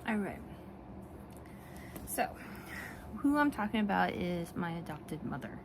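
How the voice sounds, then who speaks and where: A woman talking casually in a vlog, animated and rambling, with frequent restarts and laughs. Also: fairly low pitch, measured pace, background noise. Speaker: vlogger and children's book author. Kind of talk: casual talk to camera.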